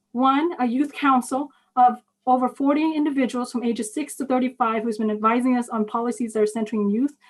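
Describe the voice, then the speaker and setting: A woman's voice: on the high side, rough recording. A woman running for county council gives a campaign speech, listing endorsements with many ums and uhs. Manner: lists credentials and endorsements, with frequent fillers. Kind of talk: campaign speech at a candidate forum.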